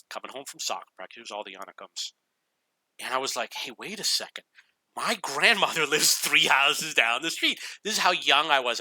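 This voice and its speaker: A man's voice: mid-range voice, bright, forceful tone, no room sound. A man telling a rambling personal story in a casual way over gameplay, chuckling now and then. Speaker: gaming YouTuber.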